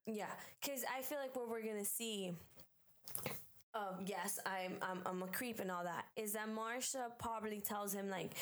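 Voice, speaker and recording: A woman's voice: mid-range voice, normal speed. A woman co-hosting a casual podcast, rambling through her theories in a loose, chatty way. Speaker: podcast co-host.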